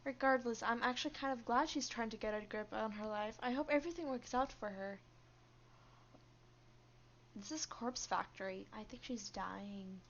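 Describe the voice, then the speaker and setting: A woman streamer reads a story game aloud and reacts expressively as it goes. Her voice is fairly high, and the stream audio sounds a bit dull and lo-fi. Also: moderate pace, fairly bright tone, a little hiss or hum.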